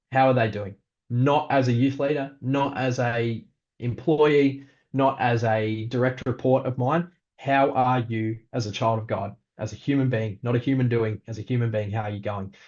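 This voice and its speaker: A male pastor, giving a practical leadership talk in a relaxed, conversational way with frequent ums. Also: medium pitch, muffled recording.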